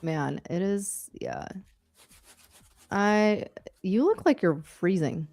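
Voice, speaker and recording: Woman, very lively pitch, giggly, reads chat aloud, faint music behind. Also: slow, creaky. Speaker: co-host. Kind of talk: casual live-stream chat.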